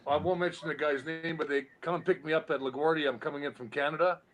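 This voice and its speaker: Guy w a slightly high voice, joking around about the old days, easygoing. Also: fairly even intonation, fast, a bit bright, rough recording. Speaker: former hockey player, guest. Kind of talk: casual storytelling chat.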